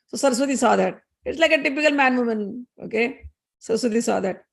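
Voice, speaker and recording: A woman's voice: fairly high pitch, fast talker, vocal fry. A woman spiritual teacher retelling a scripture story in a conversational, explanatory way with casual asides.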